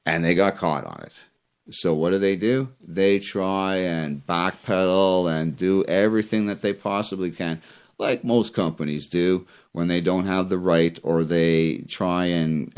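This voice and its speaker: A man with a low, slightly mellow, clean-toned voice hosts a fishing podcast. He goes on a heated, rambling opinion rant, casual in tone and full of fillers and restarts.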